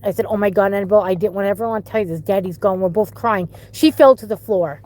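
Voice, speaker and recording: Halting middle-aged woman telling a story. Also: mid-range voice, a little mellow. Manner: halting, emotional storytelling with restarts. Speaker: bereaved mother telling her story. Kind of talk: personal testimony.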